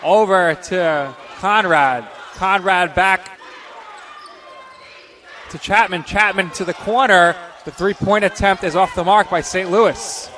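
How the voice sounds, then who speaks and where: Man, basketball play-by-play announcer, high bright voice, unhurried delivery, bursts of excitement on scores. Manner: rapid-fire calls, bursts of excitement on scores. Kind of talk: live basketball play-by-play commentary.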